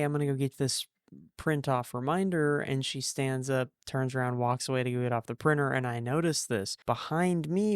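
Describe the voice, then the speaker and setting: A young man hosting a podcast, telling a story in a casual, animated way, swearing freely and acting out the other people's lines. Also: mid-range voice, no echo, clean studio sound. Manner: animated, profane, acts out quoted voices. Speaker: podcast host.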